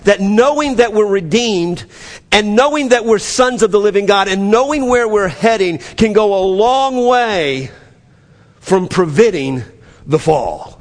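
Man, New Orleans accent, pastor sermon, animated, stammering restarts, reverberant hall. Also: high voice, a little slow. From New Orleans area. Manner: animated, acts out scripture dialogue, stammers restarts.

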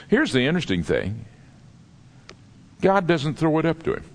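A man preaching a sermon, telling stories with dramatic pauses in a lively, emphatic way. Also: a little high. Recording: long reverb of a large hall.

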